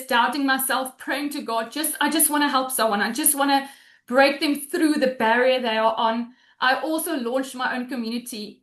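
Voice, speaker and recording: A woman in her thirties telling her story on a webinar, emotional and halting, often restarting her sentences. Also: high voice, fairly bright tone, echoey room.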